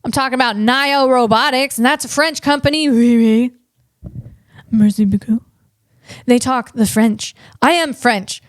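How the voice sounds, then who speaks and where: Loud, animated female comic host with a high pitch, doing playful tech riffs. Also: normal speed, few pauses, no room sound, clean studio sound. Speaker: comedian and podcast host. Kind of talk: comedic tech commentary.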